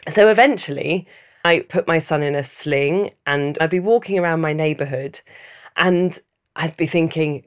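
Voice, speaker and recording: A woman giving a thoughtful, measured personal account in an interview, often listing things in runs. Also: sits low. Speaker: mother interviewed about loneliness.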